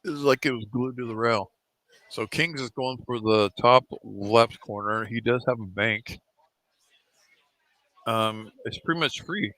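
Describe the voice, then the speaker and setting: A man's voice: medium pitch, unhurried, a bit bright. A man giving casual live commentary on a pool match in a pool hall, laid-back and chatty, drifting into rambling anecdotes with chuckles.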